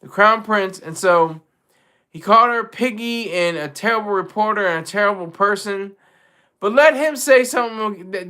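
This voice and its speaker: A man hosting a casual live commentary stream, animated, often repeating and restarting his phrases. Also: high-pitched, moderate pace, clear, resonant tone. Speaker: streamer host.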